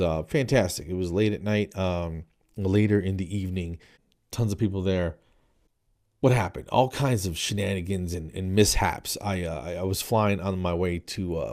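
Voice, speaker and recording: Animated man telling comic stories. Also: sits low. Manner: animated, rambling, jumps into playful voices for quoted people. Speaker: comedian hosting his own podcast. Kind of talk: casual comedic storytelling.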